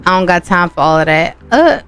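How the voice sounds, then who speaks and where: A woman's voice: fairly low pitch, expressive, brisk, fairly bright tone, clear, resonant tone. A woman giving casual gameplay commentary, chatting and playfully scolding the characters on screen. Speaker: game streamer.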